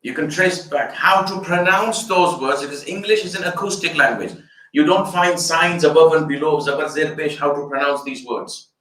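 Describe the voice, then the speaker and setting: A man's voice: on the high side, moderate pace, a bit bright. An older man, an Islamic scholar, giving an explanatory fundraiser lecture. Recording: echoey room, distant mic.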